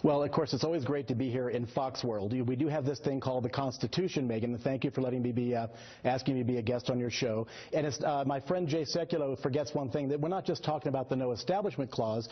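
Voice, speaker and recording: A man arguing as a guest on a TV news show, excitable and sarcastic, talking over the host. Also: medium pitch, quick pace, breathy edge. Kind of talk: heated TV debate. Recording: dull lo-fi broadcast audio.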